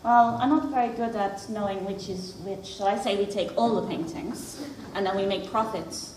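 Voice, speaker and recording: A woman playing in a live improvised game show speaks quietly and playfully. She is heard from far off in an echoey hall. Steady noise sits behind her. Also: mid-range voice, moderate pace. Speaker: contestant.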